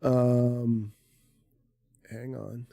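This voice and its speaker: Slow-talking streamer man, dry sound. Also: medium pitch, level tone, gravelly, warm tone, dry recording. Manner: unhurried, swearing, conspiratorial asides. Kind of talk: casual live-stream chat.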